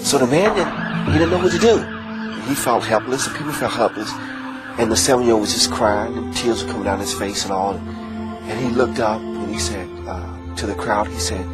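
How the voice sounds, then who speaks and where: A man slowly and gravely telling a painful true story, pausing often, with music playing under him. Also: fairly low pitch, low-quality recording. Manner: slow, grave, with pauses. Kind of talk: emotional storytelling. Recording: loud music bed under voice.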